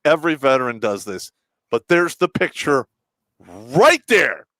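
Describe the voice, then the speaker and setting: A man's voice: medium pitch, very animated, unhurried, no echo. Laughing, profane storytelling man. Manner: profane, laughing, acts out quotes loudly. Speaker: show host and veteran. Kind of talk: casual storytelling on a live stream.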